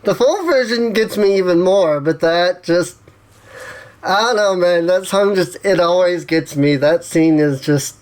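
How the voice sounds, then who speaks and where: A woman streamer giving casual livestream commentary on a game, emotional, halting and self-conscious. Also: lowish voice, darkish tone.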